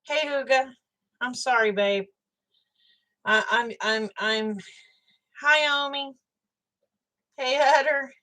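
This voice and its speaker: A woman's voice: high-pitched, takes it slowly, long pauses, sharp tone. An older woman, chatting with viewers on a livestream, angry and blunt and swearing freely. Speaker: livestream host. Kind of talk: casual livestream chat with viewers.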